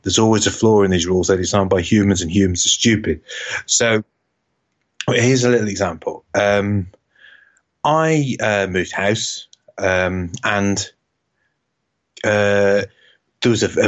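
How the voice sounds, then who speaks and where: Rambling man, low voice. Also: unhurried, pauses often. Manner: rambling, self-mocking storyteller. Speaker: podcast co-host. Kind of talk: casual anecdote. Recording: dull lo-fi sound.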